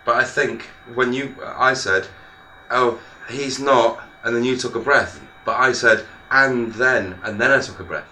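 A man co-hosting a podcast, excitable and bawdy in crude casual banter. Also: medium pitch, normal speed, hardly any pauses, slight background noise.

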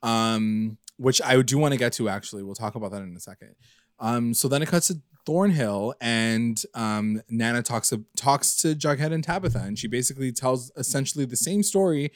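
Male co-host, casual recap chat, animated storyteller, dry close sound. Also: mid-range voice, normal speed, no room sound. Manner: chatty, animated, acts out characters' lines mid-story. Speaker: podcast co-host.

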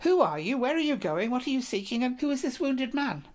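A woman's voice: high-pitched, big pitch swings, fairly quick, darkish tone, pitched above the performer's own voice. A woman reading an audiobook, voicing a courteous, commanding king with formal, courtly speech. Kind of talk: audiobook reading of a medieval romance.

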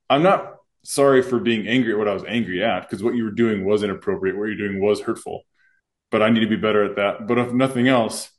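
His voice is fairly low and a little fast. He's an adult with children, a school administrator co-hosting a podcast, and his tone in the relaxed conversation is earnest and reflective, like a school leader's.

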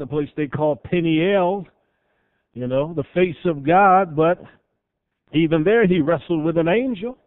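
A man preaching a sermon as pastor, rising to loud emphatic peaks and dropping to soft, drawn-out lines. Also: sits high, no echo. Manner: swells loud then drops soft, dramatic pauses. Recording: tinny phone-like sound.

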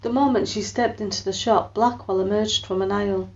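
A woman's voice: medium pitch, fairly quick, dull audio. A woman narrating a story aloud and giving the people in it voices of their own. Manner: expressive storytelling, lifts her voice for quoted lines. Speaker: audiobook narrator. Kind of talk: scripted narration with character voices.

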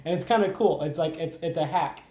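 A man's voice: on the high side, a little fast, warm tone, roomy sound. A man talking casually and enthusiastically as a podcast guest, rambling and asking "right?" often. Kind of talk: casual conversation.

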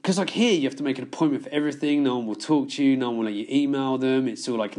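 A man's voice: mid-range voice, fast talker, darkish tone. Swearing, laid-back guest man. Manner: swears freely, laughs while telling stories. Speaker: podcast guest. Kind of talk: casual storytelling chat.

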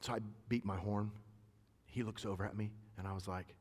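A man's voice: fairly low pitch, fairly even intonation, brisk. A male pastor preaching a sermon in a conversational, emphatic way, mixing teaching with personal stories. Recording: long reverb of a large hall.

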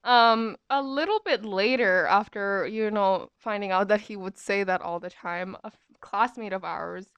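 A young woman in her twenties rambles through a casual storytime, full of fillers and asides. Her voice is clean and smooth. It sits close and dry, with no room around it. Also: medium pitch, normal speed, hardly any pauses, fairly bright tone, dry recording, dull audio. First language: English. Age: 20s. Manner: chatty, rambling, many "um" and "like" fillers.

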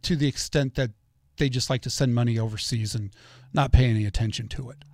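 A man's voice: mid-range voice, dry recording, studio quality. A middle-aged man hosting a solo political commentary show, talking in an opinionated, conversational way and telling stories.

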